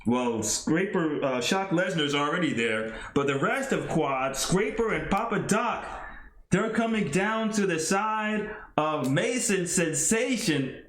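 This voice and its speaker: A man narrating a tabletop wrestling game play-by-play, excitable and chuckling along. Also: fairly high pitch, slow, echoey room.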